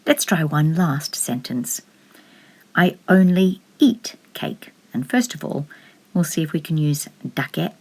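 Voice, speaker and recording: Female teacher, low husky voice with a measured, explanatory delivery; slows down to model example words. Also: expressive, a little mellow. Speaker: language teacher. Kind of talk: scripted lesson narration.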